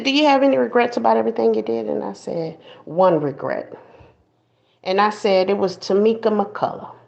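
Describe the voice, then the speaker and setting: A woman's voice: low voice, darkish tone, highs cut off. A woman host giving a blunt, preachy commentary monologue, mocking others in put-on voices.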